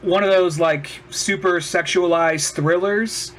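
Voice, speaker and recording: A man's voice: sits high, fairly even intonation, slow, fairly bright tone. A man co-hosting a podcast, joking and swearing in casual chat, quoting characters in put-on voices. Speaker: podcast co-host.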